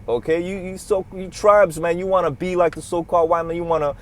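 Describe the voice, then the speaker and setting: A man's voice: high voice, fairly even intonation, fairly quick. A man preaching a heated, profane religious rant inside a moving truck, recorded on a phone. He talks in a repetitive, confrontational way. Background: engine and road noise.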